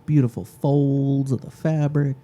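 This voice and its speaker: A man's voice: mid-range voice, level tone, a little slow, warm tone. A man co-hosting a casual art podcast, easygoing and chatty. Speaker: podcast co-host. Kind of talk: casual chat.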